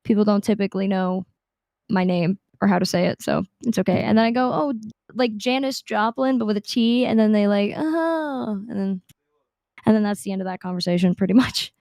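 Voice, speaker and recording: A woman's voice: mid-range voice, steady tone, fast talker, gravelly, warm tone, no room sound, clean studio sound. A young woman guest on a video call, chatting casually with laughs and acting out the people in her stories. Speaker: guest streamer. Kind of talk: casual interview chat.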